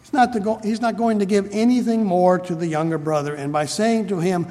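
A man preaching an expository sermon, reading scripture aloud and explaining it earnestly, slowing down to stress key phrases. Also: high voice, warm tone. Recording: long hall reverb.

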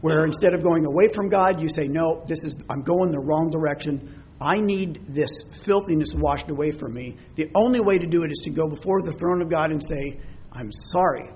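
Husky man preaching conversationally. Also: on the high side, normal speed, darkish tone. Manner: conversational preaching with questions to the congregation. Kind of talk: sermon.

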